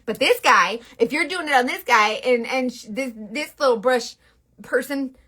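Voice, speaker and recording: A woman's voice: sits high, moderate pace, bright, forceful tone, a little hiss or hum. A woman makeup artist talking through a casual makeup tutorial in a rambling, playful, sassy way. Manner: sassy slangy talk.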